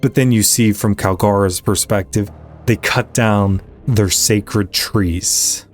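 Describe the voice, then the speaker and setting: A man's voice: fairly low pitch, steady tone, slow, soft background music. A man hosting an anime reaction channel, earnestly retelling and commenting on a story, his voice rising in emphasis at the moving parts. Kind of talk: casual recap and commentary.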